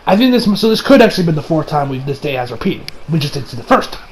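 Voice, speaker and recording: Over a rough recording, an anime reviewer with a voice on the high side recaps an episode at a quick pace. His casual, animated delivery rambles along with frequent restarts and quotes he performs.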